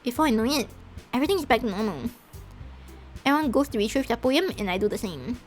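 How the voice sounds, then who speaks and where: A woman streamer reading a visual novel aloud as she plays, animated and emotionally reactive. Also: on the high side, fast talker, soft background music.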